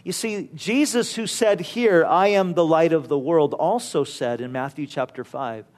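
A man with a notably high voice preaches a sermon. He tells stories in an easy, conversational way and often drops in casual asides to the listeners. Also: unhurried, a little mellow. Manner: conversational storytelling with frequent "you know" asides.

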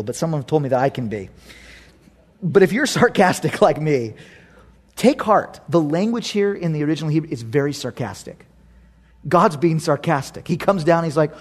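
A man with a fairly high voice preaching a sermon. He talks in an animated way and slips into sarcastic little acted voices for the people in his story. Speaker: pastor.

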